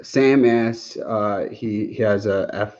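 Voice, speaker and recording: A man's voice: fairly low pitch, slow, darkish tone, lo-fi sound. A man chatting casually on a livestream Q&A, rambling, chuckling often and restarting his sentences. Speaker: livestream host answering viewer questions.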